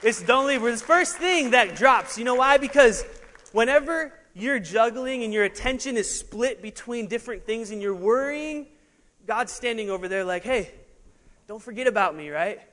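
A man preaching an animated sermon as a pastor, laughing at himself and sometimes short of breath. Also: very high voice, normal speed. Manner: animated, laughing asides, juggling while preaching. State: out of breath at times. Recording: long hall reverb.

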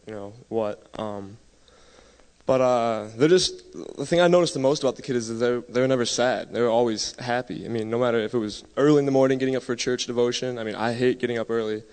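A man's voice: medium pitch, steady tone, brisk, darkish tone, clear, resonant tone. A man giving a hesitant church testimony about a mission trip, with frequent "uh"s. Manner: hesitant, many "uh"s, laughs lightly. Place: church sanctuary. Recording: long reverb of a hall.

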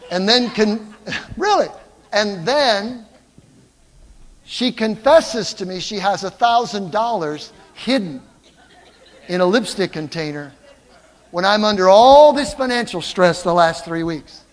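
Animated older man preaching. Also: high voice, slow, pauses often, big-room sound. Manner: animated storytelling, calls out to the congregation. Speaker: pastor. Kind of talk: sermon. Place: church.

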